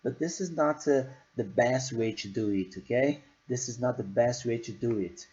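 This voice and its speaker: A man's voice: mid-range voice, normal speed, a little mellow. A man gives an English lesson in a patient, repetitive way and checks in with the listener after each point. The sound is dull and lo-fi. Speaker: English teacher. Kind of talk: giving feedback on a recorded presentation.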